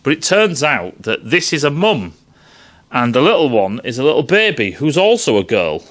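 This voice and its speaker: A man's voice: mid-range voice, very animated, moderate pace, a bit bright. A man giving a profane, sarcastic film review rant, swearing freely and sounding exasperated.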